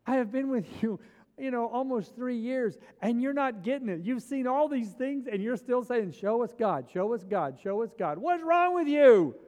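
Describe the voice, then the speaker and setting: A preacher voicing an exasperated male teacher who scolds a slow disciple, incredulous and rising in pitch, in a hall with long reverb. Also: animated, darkish tone. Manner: incredulous, rising to a raised exclamation.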